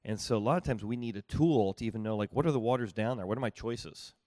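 A man's voice: lowish voice, fast talker, a little mellow, no echo. A middle-aged man, a pastor, teaching on marriage and listening in a folksy, conversational way, often asking his listeners whether it makes sense. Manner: conversational, folksy, asks the audience rhetorical questions.

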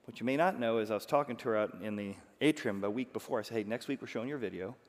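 Pastor, male, mid voice, lively sermon delivery, long hall echo. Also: medium pitch, very fast. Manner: animated preaching, rising to loud emphasis. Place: church auditorium.

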